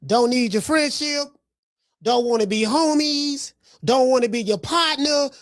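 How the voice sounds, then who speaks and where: High-pitched woman ranting about boxing, loud and cussing a lot, dry mic. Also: unhurried, dry recording. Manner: brash, profane, repetitive. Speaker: podcast host.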